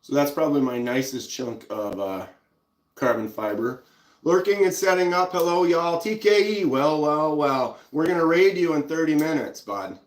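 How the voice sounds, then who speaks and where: Man, minnesotan accent, relaxed live-stream host, roomy echo, faint background noise. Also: a little high. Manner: relaxed, chatty, reads out viewer comments. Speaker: livestream host showing pocket knives. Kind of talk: casual live-stream chat.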